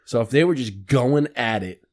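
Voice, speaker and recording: Man, mid pitch, podcast co-host, animated, swears freely. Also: moderate pace. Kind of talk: casual chat.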